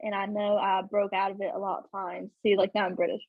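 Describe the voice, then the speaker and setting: Young woman podcast host chatting away, kinda breathy, dry close sound. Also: medium pitch, flat delivery, fairly quick, no room sound, phone-quality sound. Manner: chatty, lots of fillers and laughs. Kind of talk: casual chat.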